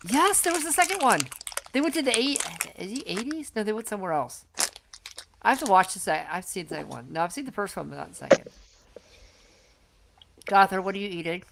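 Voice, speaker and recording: A woman co-hosting a casual livestream chat, talking in halting, stammering restarts. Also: mid-range voice, animated, creaky, very noisy. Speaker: co-host.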